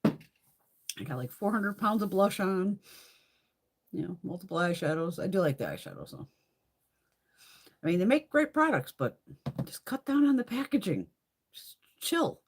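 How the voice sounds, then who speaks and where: A woman's voice: mid-range voice, moderate pace, pauses often, breathy edge. A middle-aged woman chatting casually and profanely on a beauty live stream, laughing often and telling stories with lots of swearing. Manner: profane, laughing, animated storytelling.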